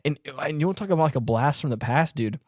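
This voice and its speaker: A man's voice: fairly high pitch, expressive, fast, a little mellow, no echo, clean studio sound. A man co-hosting a podcast, chatting casually, rambling with many stammered restarts and frequent laughs. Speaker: podcast co-host. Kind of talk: casual chat.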